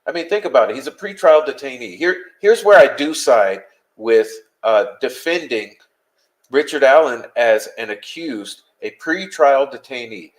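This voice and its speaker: This man, a podcast host live-streaming, vents bluntly at his chat and swears without holding back. He's expressive, keeps a moderate pace, and speaks in a plain mid-range voice with a casual, unpolished, conversational feel.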